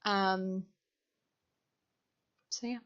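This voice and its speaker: Her voice is medium-pitched, steady, and a bit bright, with a clean tone and drawn-out words, though the desk-microphone recording is lo-fi. She's a young British university student casually rambling over her Sims build in a self-deprecating way.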